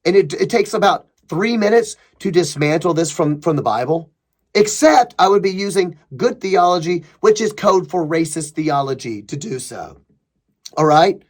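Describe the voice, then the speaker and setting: Emphatic high-voiced man commenting. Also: lively intonation, normal speed. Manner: emphatic, sarcastic, mocking impressions of opponents. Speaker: podcast host. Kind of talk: opinionated commentary reading a thread.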